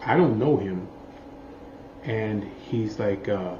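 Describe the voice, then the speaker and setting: A man's voice: fairly low pitch, measured pace. A man telling a story from his biker life in a rambling, profane way, forever checking in with his listener. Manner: rambling, profane, keeps saying "you know what I mean". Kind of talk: casual storytelling. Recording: muffled, roomy, faint background noise.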